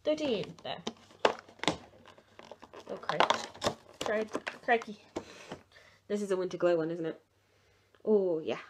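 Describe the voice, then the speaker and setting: A woman's voice: on the low side, animated, measured pace, pauses often, very noisy. A young woman with a sore throat, chatting casually and rambling through her plans in a home vlog. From England. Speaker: vlogger. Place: at home, indoors.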